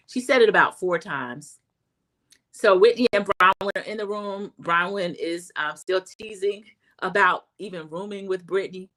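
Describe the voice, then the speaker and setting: A middle-aged woman hosting a livestream, casually recapping a reality TV episode and giving her opinions, chatty and animated when she acts out quoted lines. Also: medium pitch, normal speed, rough recording. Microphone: home streaming setup.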